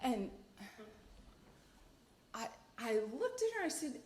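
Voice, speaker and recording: Middle-aged woman storyteller, slow and unhurried, pitch rising and falling widely, in an echoey hall. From United States, Dutch-born mother. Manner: animated, playful. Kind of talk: live storytelling on stage. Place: stage before live audience.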